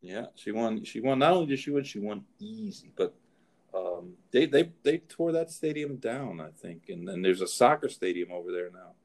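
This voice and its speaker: A man's voice: medium pitch, very animated, moderate pace, darkish tone. A middle-aged man, a show host and horse trainer, telling rambling anecdotes in casual chat. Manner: rambling anecdotes, frequent restarts.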